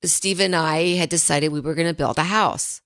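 A woman's voice: deep voice, fairly even intonation, moderate pace, fairly bright tone. A woman financial advisor hosting a radio talk show, telling stories in an earnest, chatty way. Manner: storytelling, earnest. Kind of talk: casual radio chat.

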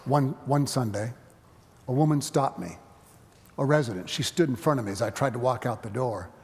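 A middle-aged man preaching a sermon as pastor, swelling loud and then dropping quiet. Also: medium pitch, normal speed. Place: church sanctuary. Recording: long reverb of a church sanctuary.

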